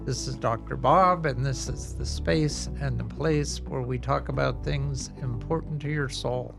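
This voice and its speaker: Slow, gravelly male podcast host. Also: mid-range voice, over music. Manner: measured, conversational, with pauses. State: losing his voice. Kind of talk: podcast introduction.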